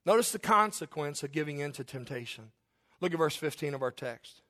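A male pastor preaching a sermon, reading scripture slowly and low, then climbing loud and high to drive points home. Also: animated. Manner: swings from low measured scripture reading to loud rising emphasis.

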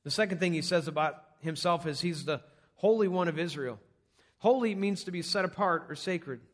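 A man's voice: on the high side, normal speed. A man preaching an earnest, conversational sermon, walking through numbered points on a scripture passage. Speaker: pastor.

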